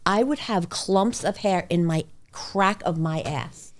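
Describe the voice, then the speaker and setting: A woman hosting a podcast, telling personal stories in a blunt, animated way and swearing freely. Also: lowish voice, a little slow, slight background noise. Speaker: podcast host. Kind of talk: casual conversation, storytelling.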